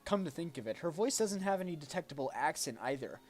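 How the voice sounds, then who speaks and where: A man's voice: a little high, lively intonation, fast, faint music behind. A man streaming a visual novel, reading its narration aloud with small slips and restarts. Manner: reads aloud with small slips, jokes with a friend.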